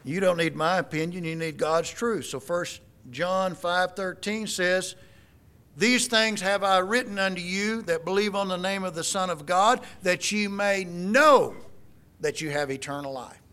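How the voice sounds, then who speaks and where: High, bright-voiced preacher man. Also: measured pace, smooth. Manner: emphatic, folksy preaching with scripture quotes. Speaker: pastor. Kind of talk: sermon.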